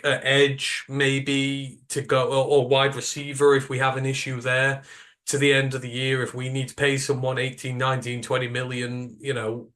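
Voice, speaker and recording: A man's voice: medium pitch, fairly bright tone. Opinionated British man talking football. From United Kingdom. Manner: emphatic, opinionated, rambling with fillers. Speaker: podcast co-host. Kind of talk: casual sports podcast chat.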